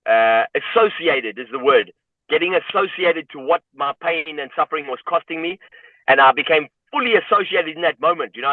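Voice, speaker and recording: A man's voice: a little high, no room sound. A man from South Africa, a guest telling a personal story in a reflective way, often filling with "you know". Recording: tinny phone-like line, dry.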